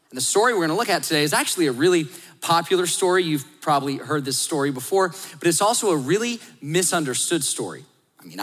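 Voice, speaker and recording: A man in his thirties preaching a sermon as a pastor, telling stories and acting out voices with lively energy. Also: on the high side. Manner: animated storytelling with acted-out voices. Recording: long reverb of a large hall.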